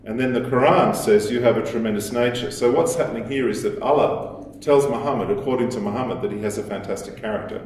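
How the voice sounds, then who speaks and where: A man giving a lecture in a measured, explanatory way, with fillers and restarts as he thinks aloud. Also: mid-range voice, a little mellow, a little hiss or hum. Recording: echoey hall, voice from a distance.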